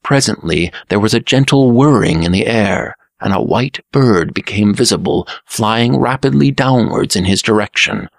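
A man narrating a fairy tale aloud in a lively, expressive reading. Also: on the low side, normal speed, gravelly, few pauses, no echo, studio quality. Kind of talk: storybook narration.

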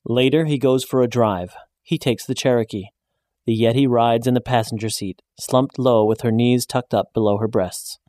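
A man reading a short story aloud in a measured, even storytelling voice, raising his pitch when he speaks the woman's lines. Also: dry recording, studio quality. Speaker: narrator. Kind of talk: scripted story narration.

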